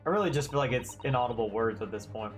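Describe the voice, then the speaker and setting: A man's voice: mid-range voice, fast talker, soft background music. A man streaming a game, chatting casually and rambling with lots of fillers and giggles. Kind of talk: casual live-stream commentary.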